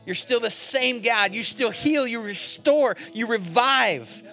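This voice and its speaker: A man praying over a church congregation, starting quietly with halting restarts and swelling into fervent declarations. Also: extremely high pitch, faint music behind. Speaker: minister praying. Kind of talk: sermon and spoken prayer. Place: church sanctuary.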